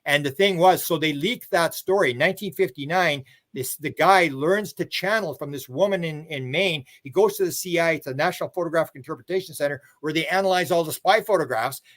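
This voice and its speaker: A man's voice: on the high side, brisk, hardly any pauses, a bit bright. An older man, a guest author and researcher, telling long rambling stories in a casual interview. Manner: rambling storyteller who acts out other people's words.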